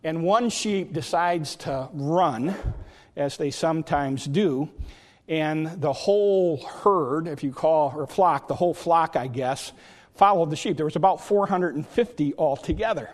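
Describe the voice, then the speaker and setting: A man's voice: on the high side, unhurried. Folksy male pastor in a reverberant church. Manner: folksy, conversational, with frequent uh fillers. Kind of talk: sermon. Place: church sanctuary. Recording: long hall reverb.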